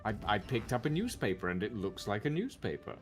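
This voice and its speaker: Guy gaming with a friend, kinda unsure, pitch jumps all over, light music behind. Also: sing-song, brisk. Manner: hesitant, curious, trying silly ideas. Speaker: co-streamer playing a video game. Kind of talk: casual gameplay chat.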